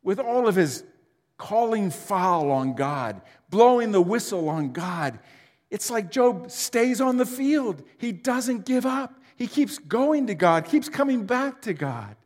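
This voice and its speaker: A man preaching with dramatic swings from booming declarations to hushed, almost whispered lines. His voice sits a little high for a man, and it rings out through the long reverb of a large church hall. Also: very animated, slow. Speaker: pastor. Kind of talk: sermon.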